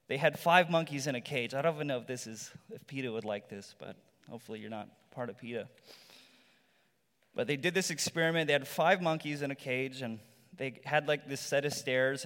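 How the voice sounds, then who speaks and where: A male pastor giving a sermon in a relaxed, conversational storytelling manner, with rhetorical asides to the congregation. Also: mid-range voice. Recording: long reverb from a large hall.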